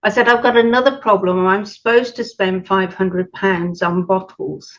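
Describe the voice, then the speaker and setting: A woman's voice: mid-range voice, steady tone, moderate pace. A middle-aged woman from the United Kingdom answering an interviewer, telling her story animatedly and acting out the voices of the people in it. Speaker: guest. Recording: muffled, lo-fi audio.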